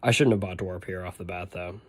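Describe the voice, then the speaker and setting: A man's voice: sits low, steady tone, a little fast. A young man from the northeastern United States with a Boston accent, chatting casually on a game stream, rambling and answering his chat while he plays.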